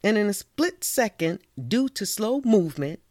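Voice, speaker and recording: A woman's voice: mid-range voice, big pitch swings, moderate pace, darkish tone, no room sound, studio quality. A woman from New York with a New York accent, reciting a spoken-word poem and then chatting casually, laughing often and saying "you know" a lot. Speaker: spoken-word poet and storyteller.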